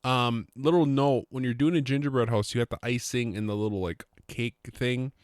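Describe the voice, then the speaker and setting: Recorded at studio quality with no room sound, a man with a medium-pitched, slightly mellow voice hosts his own podcast at a normal speed. His solo talk is casual, jokey and rambling, and he often breaks off mid-sentence.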